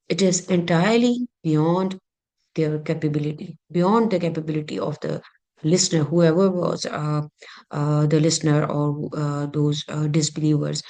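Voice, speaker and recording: A woman's voice: low voice, darkish tone. A woman teaching an online grammar lesson, speaking hesitantly with many fillers and restarts.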